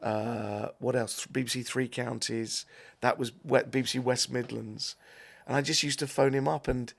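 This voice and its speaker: A man's voice: mid-range voice, fairly even intonation, moderate pace, vocal fry. A middle-aged man, chatting casually as a podcast guest, rambling and self-deprecating. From South East London. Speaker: podcast guest, comedic actor. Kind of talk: casual chat.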